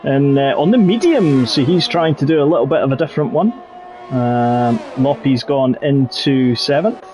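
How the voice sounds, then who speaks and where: A man leads live commentary on an online racing league in a mid-range, darkish voice at normal speed, with faint music behind him. He's jokey and rambling, full of fillers and nicknames.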